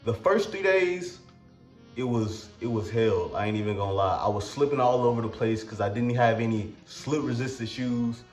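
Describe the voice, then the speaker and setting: A man telling a comic personal story in a casual, crude, slangy way with halting restarts. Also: medium pitch, lively intonation, a little mellow, reverberant, faint music behind.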